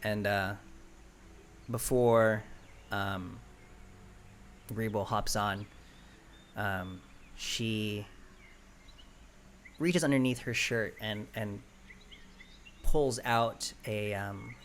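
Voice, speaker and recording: A man narrating as game master of a tabletop game in a relaxed, rambling way, with many fillers. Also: lowish voice, extremely slow, long pauses, a little hiss or hum.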